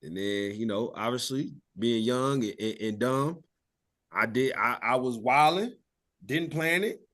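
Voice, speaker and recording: Animated young man telling stories. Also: mid-range voice, a little slow. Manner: animated storytelling, acts out his own reactions. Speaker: podcast host. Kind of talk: casual chat.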